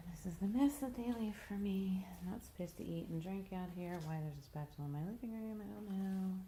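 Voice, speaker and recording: A woman's voice: mid-range voice, a little fast, dark tone, a little hiss or hum. A mother giving a casual, rambling walking tour of her messy house, sounding tired and plain-spoken. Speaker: mother vlogging a home tour. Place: house, indoors and around the yard.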